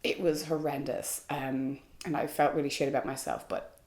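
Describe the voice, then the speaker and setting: A woman's voice: a bass voice, fairly even intonation, normal speed, a little mellow. A young woman vlogger telling a personal story to camera, candid and frank, with lots of "like" and "you know". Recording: echoey room.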